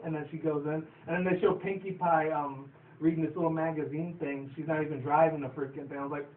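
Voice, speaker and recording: A man's voice: a little high, fairly even intonation, quick pace. A man casually recapping a cartoon episode, rambling, swearing and laughing often. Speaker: show reviewer. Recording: tinny distant phone-like audio in an echoey room.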